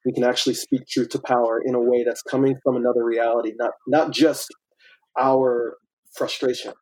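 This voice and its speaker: A man talking as a podcast guest in an earnest, animated way, laughing often. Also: medium pitch, moderate pace, low-quality recording. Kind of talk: casual conversation.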